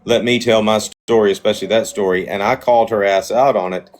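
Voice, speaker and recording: A man's voice: fairly low pitch, steady tone, brisk. A man hosting a livestream, telling stories in a rambling, profane way. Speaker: livestream host. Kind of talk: casual chat.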